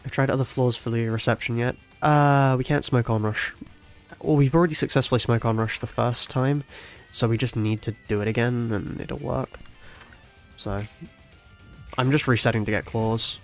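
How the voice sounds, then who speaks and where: A man with a congested head cold talks through his game in a soft, subdued voice at a middling pitch. His commentary is low-key and casual, with faint music under it. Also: fairly even intonation, moderate pace. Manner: soft, low-volume talk with sighs and small laughs. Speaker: game streamer.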